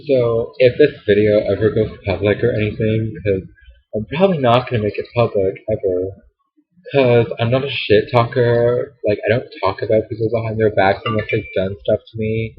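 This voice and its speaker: A man's voice: fairly even intonation, moderate pace, husky. A young man venting to the camera in a heated, profane, sassy rant, recorded on a poor built-in camera mic. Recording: dull low-quality camera audio.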